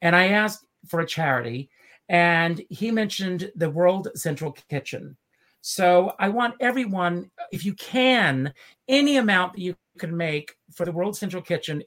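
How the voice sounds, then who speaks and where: A man with a Southern US accent hosting a chat show over a video call, speaking haltingly with many fillers. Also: high-pitched, fairly bright tone. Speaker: show host. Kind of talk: casual chat.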